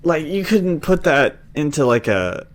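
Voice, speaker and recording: A man's voice: fairly high pitch, big pitch swings, measured pace. A man co-hosting a podcast in casual chat, laid-back and wry. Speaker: podcast co-host.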